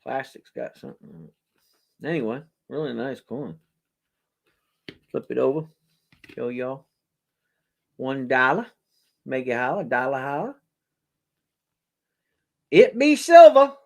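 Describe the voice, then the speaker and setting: Lively, animated man showing off coins. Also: mid-range voice, measured pace, vocal fry, long pauses. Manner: animated, chatty, exclaims and jokes aloud. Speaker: coin seller hosting a charity auction. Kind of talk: casual show-and-tell video.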